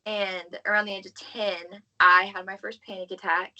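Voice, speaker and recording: A woman's voice: mid-range voice, flat delivery, normal speed, sharp tone, low-quality recording. A young woman from the southern United States, a podcast guest giving an earnest, heartfelt personal faith testimony in casual talk full of "like.". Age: young adult. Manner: earnest, heartfelt, frequent "like" fillers.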